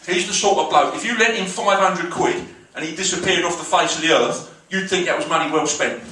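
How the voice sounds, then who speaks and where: A South London man in his forties doing crude, self-deprecating stand-up in a dry, deadpan way. His voice sits fairly high and booms around a reverberant comedy club. The mic catches him from a distance, with clatter and noise in the room. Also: brisk.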